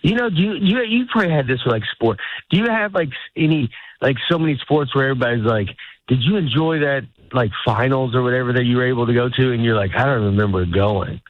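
A man's voice: mid-range voice, fast, no room sound. Rambling comedian man, lo-fi sound. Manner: rambling, self-interrupting, acts out quoted lines. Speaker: stand-up comedian guest. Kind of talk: casual interview chat. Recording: dull lo-fi sound.

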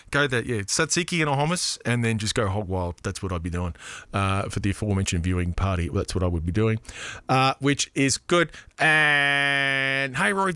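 Bright, rambling Australian radio host man. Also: medium pitch, no echo. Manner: rambling, self-deprecating, playful asides. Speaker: radio host reading listener texts. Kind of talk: casual radio chat.

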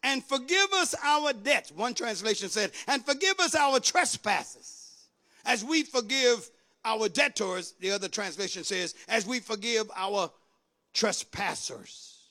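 A man preaching a sermon, swinging from loud shouted lines down to quick low muttering. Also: expressive. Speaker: pastor.

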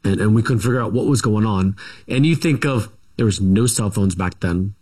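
A man's voice: fairly low pitch, normal speed, darkish tone, slightly rough. A middle-aged man, a guest author in an interview, recounts his family history casually, with many fillers, restarts and self-corrections.

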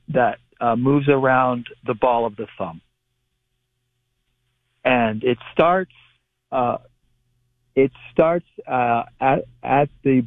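Man, radio phone guest, tinny telephone sound, dry, mid pitch, measured explainer. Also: no room sound. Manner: measured, explanatory, restarts phrases. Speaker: palmistry guest. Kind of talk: call-in radio interview.

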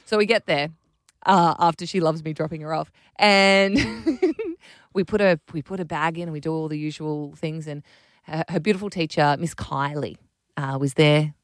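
An Australian woman in her thirties hosting a breakfast radio show, telling a story with animated energy and frequent laughter. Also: low voice, normal speed, no room sound, studio quality. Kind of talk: casual radio banter. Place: radio studio. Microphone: studio microphone.

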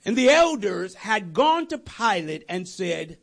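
Male preacher, husky and raspy, high voice; lively storytelling sermon. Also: measured pace, few pauses. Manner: animated storytelling with voiced characters and chuckles. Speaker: pastor.

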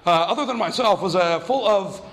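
Stand-up man, high voice, profane self-mocking storyteller, reverberant hall. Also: fairly quick, a bit bright. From New Mexico. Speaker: stand-up comedian.

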